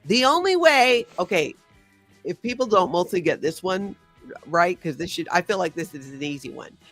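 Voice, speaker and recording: A woman's voice: on the low side, expressive, moderate pace, a bit bright, faint music behind. A woman hosting a live-stream quiz, reading viewer names and scores aloud. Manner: reads out chat names and scores, upbeat. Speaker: host. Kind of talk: live-stream game chat.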